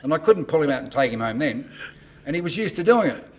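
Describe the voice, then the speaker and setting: An older man with an Australian accent, a podcast guest telling lively backstage anecdotes and acting out the dialogue. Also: a little high, fast, a little hiss or hum. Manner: animated anecdote-teller, acts out dialogue in raised voice. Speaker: guest, entertainment promoter. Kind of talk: casual storytelling on a podcast.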